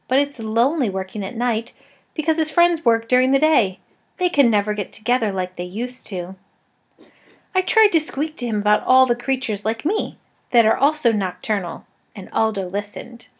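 A woman narrating a children's story in the first person with a lively, expressive reading. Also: fairly high pitch. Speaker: audiobook narrator.

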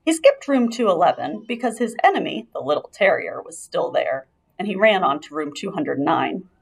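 A woman narrating a children's storybook aloud as an expressive, lively storyteller. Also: lowish voice, normal speed, creaky, slightly rough. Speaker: audiobook reader.

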